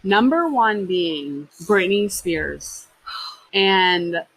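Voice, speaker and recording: Bright-voiced, animated woman storyteller. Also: medium pitch, drawn-out words. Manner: animated, dramatic storyteller who acts out quoted dialogue. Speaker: podcast co-host. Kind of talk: casual chat, storytelling.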